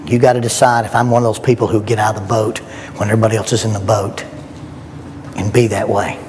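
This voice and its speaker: A middle-aged man with a fairly low, darkish voice talks fast and flat while preaching a sermon at a youth rally in a church. He is earnest and emphatic, asking rhetorical questions, and the recording has long church-hall reverb with faint background noise.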